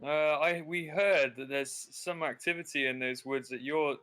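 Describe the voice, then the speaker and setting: Bright chatty man playing a tabletop game. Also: on the high side, measured pace. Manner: chatty, talking in character. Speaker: player.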